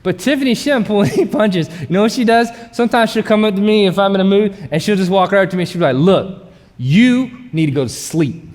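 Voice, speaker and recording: Pastor, male, middle-aged; lively casual sermon delivery, high voice, big church hall reverb. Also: rapid-fire, hardly any pauses. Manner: energetic, conversational preaching with shouted asides. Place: large church auditorium.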